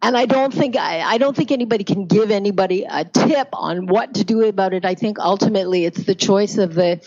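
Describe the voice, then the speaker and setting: A woman's voice: mid-range voice, darkish tone. Thoughtful Canadian woman, muffled sound. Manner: thoughtful, measured, hedging. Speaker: pronunciation coach guest. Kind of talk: casual interview talk.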